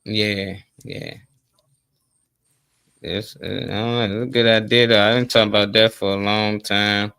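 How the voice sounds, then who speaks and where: A man hosting a casual call-in chat, talking in a relaxed, slangy way and trailing off as he goes. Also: lowish voice, measured pace, creaky, clear, resonant tone, no room sound. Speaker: host.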